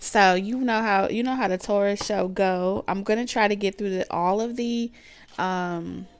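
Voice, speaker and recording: A woman hosting a live tarot reading stream, greeting viewers by name in a relaxed, chatty way with casual slang. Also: mid-range voice, a little hiss or hum.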